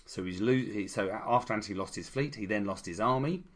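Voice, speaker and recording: A man with a fairly low voice co-hosts a relaxed history talk. He tells the story in a loose, conversational way and drops in cheeky, irreverent asides. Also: a little fast. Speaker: podcast co-host.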